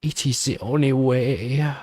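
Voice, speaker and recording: A man voicing a scheming, pushy character with a mock German accent, speaking in slow, stiff, formal sentences. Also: mid-range voice, darkish tone, breathy edge, no echo. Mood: insistent.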